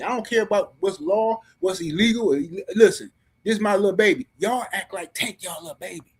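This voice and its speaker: A man with a high, husky voice hosts a live stream and rants about boxing. He talks heatedly and in slang, speaking straight to his viewers. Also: expressive, brisk.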